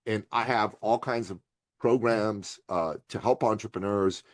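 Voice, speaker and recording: Man, middle-aged, from Iran, animated storyteller, acts out others' voices, laughs a lot, dry close sound. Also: lowish voice, unhurried, no room sound. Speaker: podcast guest, entrepreneur.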